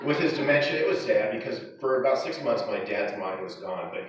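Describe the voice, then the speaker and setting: A man's voice: lowish voice, animated, a little fast. A man speaking at his father's funeral, rambling through anecdotes with many fillers and restarts. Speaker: son giving a eulogy. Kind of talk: informal eulogy with anecdotes. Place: funeral service hall. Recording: echoey hall, far from the mic, dull.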